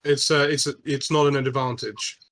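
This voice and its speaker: A man's voice: medium pitch, steady tone, moderate pace, fairly bright tone. A man as game master of a tabletop game, patiently explaining rules with frequent restarts. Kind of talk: running a tabletop game online.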